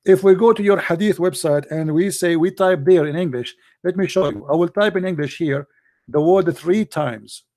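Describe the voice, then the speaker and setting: A man with an Arabic accent, a native Arabic speaker from the Middle East, hosting a live debate show in a mocking, emphatic and forceful way. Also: on the high side, moderate pace. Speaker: apologetics show host.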